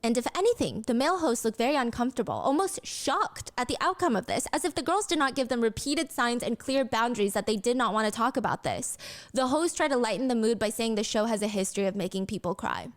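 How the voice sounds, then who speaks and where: A woman's voice: a little high, fast. A woman telling a true story in a conversational narration, explaining context and acting out the quoted lines. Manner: acts out quotes in lively voices; explains cultural context to viewers.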